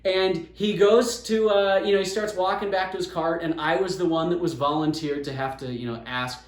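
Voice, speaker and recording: A man's voice: sits high, normal speed. Chatty young man telling a story. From Utah. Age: young adult. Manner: animated, chatty, acts out quotes. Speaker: podcast host. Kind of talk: casual storytelling. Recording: roomy echo.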